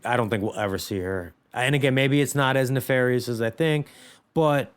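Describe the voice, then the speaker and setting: A man's voice: mid-range voice, a little fast, clear, resonant tone. A man co-hosting a podcast, chatting casually about a movie, rambling with lots of fillers and restarts. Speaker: podcast co-host.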